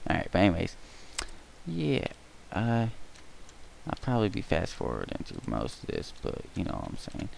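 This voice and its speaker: A young man talks loosely as he builds, a low voice with a gravelly edge. He jokes and rambles without a script, recorded on a cheap mic with a little echo and a faint hiss underneath. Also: darkish tone. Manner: goofy, rambling, breaks into silly singing and mock threats. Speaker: gaming tutorial creator. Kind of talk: casual building commentary.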